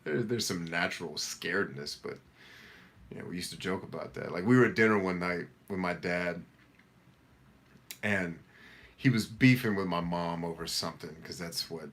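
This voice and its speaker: Low-voiced man coaching live viewers. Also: normal speed. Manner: direct, energetic, motivational. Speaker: life coach hosting a live Q&A. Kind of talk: casual livestream chat, reading viewer comments.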